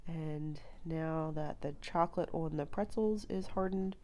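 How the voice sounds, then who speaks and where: A woman with a cold and a nasal, stuffy voice, narrating her homemade holiday gifts in a relaxed, plain way. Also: sits low, measured pace. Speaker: homestead vlogger. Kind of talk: casual voice-over narration.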